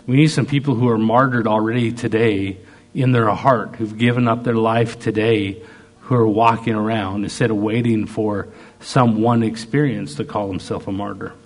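A man preaching a sermon, slow and emphatic, piling up repeated phrases. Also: lowish voice, fairly even intonation.

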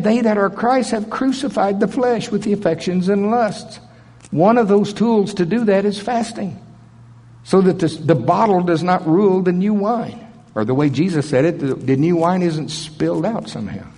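Man, preacher, animated sermon, slightly husky, echoey hall. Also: high-pitched, moderate pace. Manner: animated, swings from loud to soft. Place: church service.

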